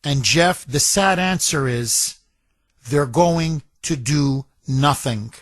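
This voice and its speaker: A man hosting a talk radio show, reading a listener's letter aloud with slow, emphatic delivery and repeated lines for weight. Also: a little high, a bit bright, no room sound.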